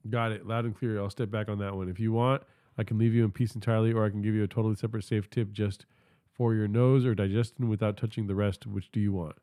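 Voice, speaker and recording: A man's voice: lowish voice, little pitch movement, fast, mellow, smooth, no room sound. Polite synthetic male assistant voice. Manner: polite, careful, advice-giving. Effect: text-to-speech voice. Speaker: AI chat assistant. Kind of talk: scripted assistant replies.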